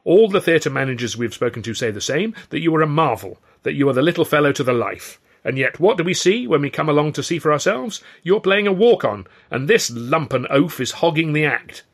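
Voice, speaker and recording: Man doing a haughty agent, scornful and theatrical, raised pitch, lively swings. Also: fairly quick, hardly any pauses. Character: pompous indignant male vaudeville agent.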